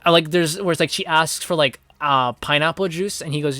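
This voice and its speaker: Excitable, foul-mouthed young male reviewer. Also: fairly high pitch, a little fast, dry recording. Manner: excitable, heavy swearing, rambling with lots of fillers. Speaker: TV episode reviewer. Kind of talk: casual video review.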